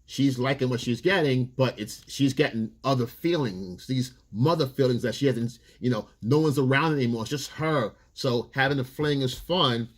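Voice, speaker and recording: A man's voice: mid-range voice, moderate pace, few pauses. Blunt, profane man giving dating advice. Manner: blunt, profane, street-casual talk. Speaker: dating coach. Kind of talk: casual advice monologue.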